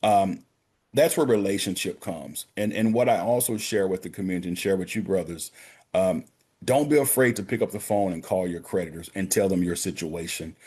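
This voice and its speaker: A banker speaks to his gentlemen and brothers on a prayer call, giving a practical lesson in financial literacy. He has a deep, slightly breathy voice and talks briskly.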